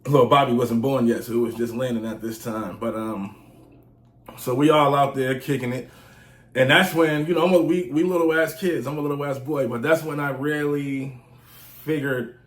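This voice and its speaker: An American vlogger and music reviewer in his forties tells stories in a loose, slangy monologue, peppered with "you know what I'm saying." His medium-pitched voice stays steady at a normal speed, and the recording has a roomy echo.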